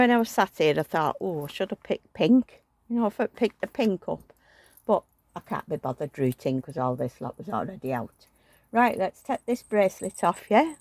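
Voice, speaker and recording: A woman's voice: mid-range voice, vocal fry, darkish tone, no room sound. A woman chatting at home in a rambling, grumbling vlog about a doll's outfit and her day. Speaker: doll collector vlogger. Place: at home indoors.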